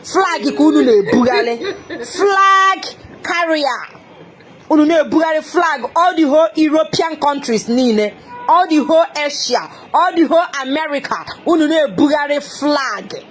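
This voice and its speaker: A woman with an Igbo Nigerian accent ranting on a live stream, taunting and laughing, repeating her jabs. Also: sits high. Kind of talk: mocking live-stream rant mixing Igbo and English.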